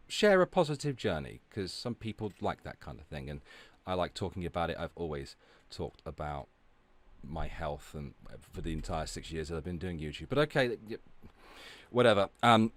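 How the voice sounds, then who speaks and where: A man rants on a livestream, swearing freely and dripping with sarcasm. His pitch leaps around constantly as he swings between mock cheer and low, muttered scorn. The sound is close and dry, with no room around it. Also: no echo. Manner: profane, sarcastic, loud outbursts; reads out donations and thanks viewers. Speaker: streamer. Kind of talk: ranting livestream chat.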